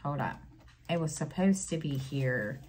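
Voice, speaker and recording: A woman's voice: low voice, animated, a little slow, a little mellow, a little hiss or hum. A middle-aged woman vlogging in casual chat, rambling with many fillers and restarts, telling an exasperated story with sighs.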